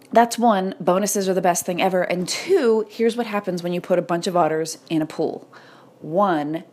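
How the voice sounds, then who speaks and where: A woman's voice: fairly low pitch, darkish tone. A woman talking straight to her audience in a casual motivational monologue, telling a funny story and swearing now and then. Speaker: creator talking to entrepreneurs and artists.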